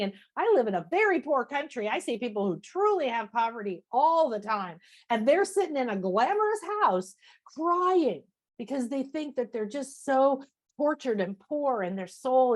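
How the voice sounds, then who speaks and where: A woman spiritual teacher and author, a guest talking in a casual interview, animated and emphatic, repeating phrases and acting out people's inner voices. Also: a little high, moderate pace. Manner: animated, acts out inner voices and self-talk.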